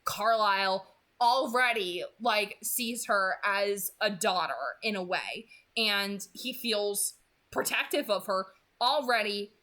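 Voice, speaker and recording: A woman's voice: mid-range voice, slow pace, bright, forceful tone. A woman in her twenties, host of a read-aloud channel, chatting casually about a chapter she just read, gushing and full of fillers like "like" and "you know.". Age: 20s. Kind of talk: casual chapter recap and commentary.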